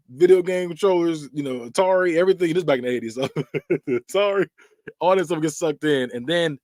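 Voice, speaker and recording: A man's voice: on the high side, no room sound, studio quality. A man hosting a podcast, casually recapping horror movie scenes and acting out bits with sound effects. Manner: animated storytelling, acts out scenes with quick sound effects and laughs. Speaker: podcast host.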